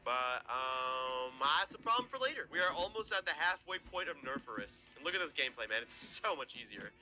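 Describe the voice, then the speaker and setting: A man giving excitable gameplay commentary, thinking aloud with quick exclamations as he plays. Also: mid-range voice. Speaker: gaming creator playing a level.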